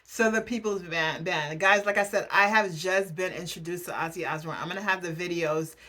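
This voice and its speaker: A woman's voice: on the low side, steady tone, brisk, pushed and bright. A woman hosting a reaction video, chatting casually with her viewers. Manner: chatty, addresses viewers as family.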